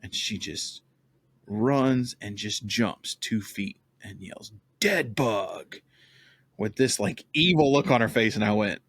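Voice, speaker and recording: A man in his thirties hosting a podcast, telling family stories in a relaxed, chatty way. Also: on the low side, a little slow, breathy edge, no room sound. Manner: chatty, storytelling, laughs often. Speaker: podcast host. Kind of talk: casual chat.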